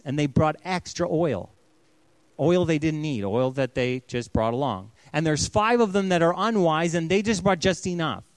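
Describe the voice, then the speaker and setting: A man's voice: on the high side, no room sound. Pastor, male, 30s, earnest storyteller, dry close sound. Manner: earnest, storytelling, often softening to a hush. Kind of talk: sermon.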